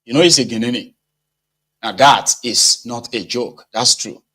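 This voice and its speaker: A man's voice: mid-range voice, a little slow, sharp tone, rough recording. A man with a Nigerian accent giving casual political commentary, talking conversationally and asking rhetorical questions.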